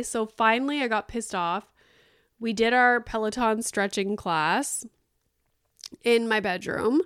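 A woman's voice: mid-range voice, a bit bright, smooth, no echo, studio quality. A woman in her thirties from Canada, hosting a casual solo podcast and telling a rambling, exasperated story full of "like" fillers. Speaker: podcast host.

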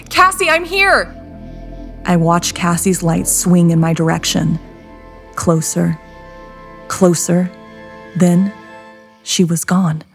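Woman telling a creepy story, kinda gravelly low voice, whispery bits, music underneath. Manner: hushed, often drops to a whisper. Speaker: podcast host and storyteller. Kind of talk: scripted horror story narration. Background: background music.

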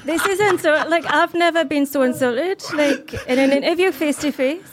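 A Geordie pop singer in her thirties, as a woman puts her on, dodges each question with coy, drawn-out answers. Her voice sits a little high, and she leans on "like" between phrases. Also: steady tone, noisy background, close to an everyday voice. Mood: indignant. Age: 30s. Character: female pop star impersonation, coy and evasive.

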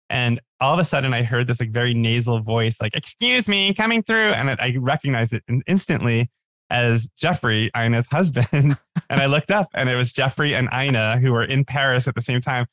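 A man's voice: mid-range voice, fairly bright tone, no echo. A man guest on a podcast, chatting casually and telling stories with lots of likes and restarts. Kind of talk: casual chat.

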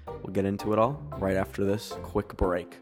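A man's voice: on the low side, fairly even intonation, over music. A young man from Canada with a Canadian accent, hosting a casual solo podcast in a chatty, rambling way full of fillers. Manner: chatty, rambling, many fillers, quick laughs. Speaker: podcast host.

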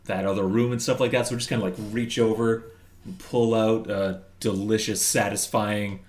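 A man playing a tabletop game, describing his character's moves haltingly with many fillers. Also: on the low side, level tone. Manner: hesitant, full of ums and likes. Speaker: player.

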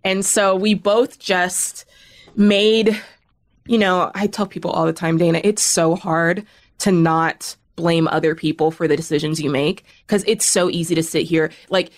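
A woman in her thirties speaks in a fairly low voice, candid and conversational. She tells her story emphatically and grows animated as she relives it. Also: a little slow. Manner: emphatic, animated when retelling. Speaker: guest, radio co-host.

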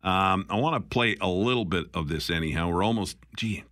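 A man's voice: deep voice, fairly quick, a bit bright, no room sound. A man hosting talk radio, reading listener messages in a chatty, wry way. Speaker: radio host. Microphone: studio microphone.

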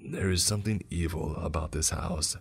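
A man doing a grave, hushed old pastor. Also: rumbling low, fairly even intonation, normal speed, creaky, slightly rough, soft background music, heavily acted. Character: solemn middle-aged male pastor, exorcist.

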